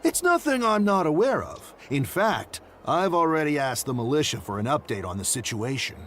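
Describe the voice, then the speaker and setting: A man's voice: a little high, very animated, normal speed, fairly bright tone, faint music behind. An actor playing a self-assured male official in game dialogue, speaking with wry, breezy confidence. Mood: unbothered.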